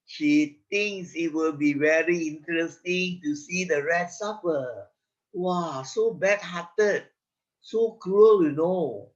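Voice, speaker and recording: A man narrating a children's moral story, slow and emphatic, adding asides to his listeners. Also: on the high side. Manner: slow, emphatic, frequent "you know" asides. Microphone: video call. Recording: dull lo-fi video call audio.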